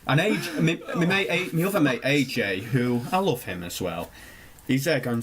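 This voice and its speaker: An animated young Englishman co-hosting a podcast, telling stories in casual chat and swearing freely. His voice sits at a middle pitch, with faint background noise behind him. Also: fairly quick. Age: young adult. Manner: animated storytelling, swears a lot. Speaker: podcast co-host.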